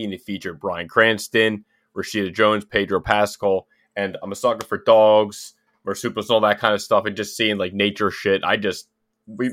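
A man with a fairly low voice co-hosting a podcast, chatting casually and briskly. The sound is dry and close, with no room echo. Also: fairly bright tone. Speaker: podcast co-host.

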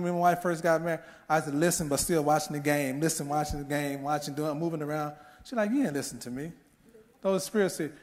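Middle-aged man preaching, aave, kinda high voice, church hall echo, fired up. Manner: preaching with rising fervor and rhetorical questions. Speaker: pastor. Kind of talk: sermon.

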